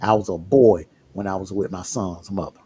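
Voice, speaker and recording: A man's voice: low-pitched, steady tone, moderate pace, warm tone, a little hiss or hum. A man frankly telling his own relationship story on a livestream, often repeating words as he gathers his thoughts. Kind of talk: casual personal storytelling.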